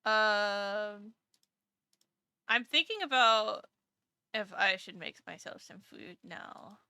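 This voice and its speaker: Woman VTuber, bright tone, unhurried sleepy rambling chat to viewers. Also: medium pitch, gravelly, clean tone, dry recording. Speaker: VTuber streamer. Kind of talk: casual live-stream chat.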